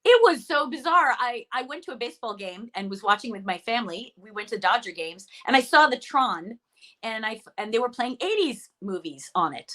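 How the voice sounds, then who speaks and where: Lively woman telling stories on a call. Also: fairly high pitch, brisk. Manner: animated storyteller, acts out quoted lines. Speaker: actress guest. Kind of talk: remote interview chat. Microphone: video call.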